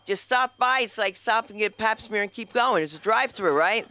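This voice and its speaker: A man hosting a comedy open mic on stage, joking fast and talking straight to the crowd. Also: sits high, lively intonation, pushed and bright, clear, resonant tone. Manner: rapid, jokey, talks straight to the crowd. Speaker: comedy show host. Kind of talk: stand-up hosting banter.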